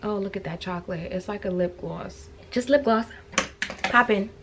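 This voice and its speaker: A woman's voice: mid-range voice, normal speed. Chatty woman vlogging in echoey bedroom. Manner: chatty, gushing, addresses viewers as you guys. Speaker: lifestyle vlogger. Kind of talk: casual chat to camera. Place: bedroom at home. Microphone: camera on the floor at eye level. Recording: echoey room with faint hum.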